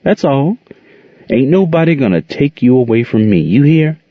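Folksy protective old aunt, voiced by a male reader, higher than his own voice, dull sound. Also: sing-song, normal speed, no echo. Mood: reassuring. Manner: folksy, scolding then tender. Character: warm firm older aunt raising kids.

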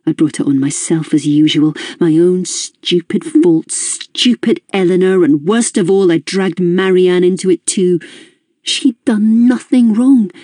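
Husky-voiced woman narrating. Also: fairly low pitch, steady tone, a little slow, few pauses, mellow, no echo, studio quality. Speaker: audiobook narrator. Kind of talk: first-person audiobook narration.

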